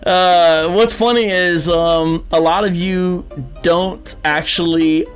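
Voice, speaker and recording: A man hosting a live online show in a loose, chatty way. He reads out viewers' messages, hesitates with fillers and chuckles often. Faint music sits behind his slightly high voice. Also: fairly even intonation, slow pace. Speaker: livestream show host. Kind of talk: casual live-show chat.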